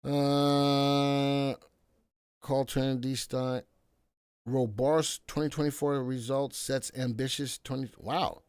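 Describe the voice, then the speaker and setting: A man hosting a live stock analysis stream, animated, thinking aloud and repeating his own phrases. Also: medium pitch, slow pace, smooth, dry recording, clean studio sound. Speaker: stock market show host.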